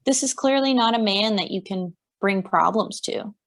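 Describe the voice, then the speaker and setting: A woman's voice: mid-range voice, normal speed. A young woman co-hosting a podcast in casual chat, blunt, indignant and sarcastic. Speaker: podcast co-host.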